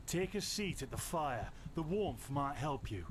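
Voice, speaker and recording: Young game alchemist, friendly, good-humoured, unhurried, bouncy pitch, noisy stream audio. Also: male voice, expressive. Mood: caring. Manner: good-humoured, helpful, chuckles easily. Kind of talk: video game voice acting.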